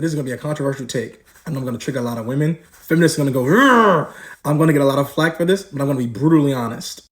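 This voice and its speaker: Man, podcast host, blunt, mocking, quick delivery, mid-pitched voice. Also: a little mellow. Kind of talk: scripted commentary.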